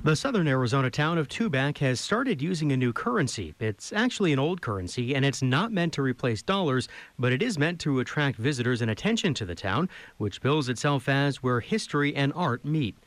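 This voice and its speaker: A man's voice: medium pitch, very animated, a little fast, no echo, faint music behind. A man presenting scripted radio news.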